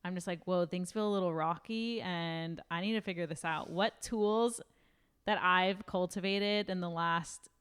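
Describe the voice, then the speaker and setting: Rambling young woman, low smooth voice. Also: measured pace, fairly bright tone. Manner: rambling, filler-heavy, swears casually. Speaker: podcast co-host. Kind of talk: casual podcast chat.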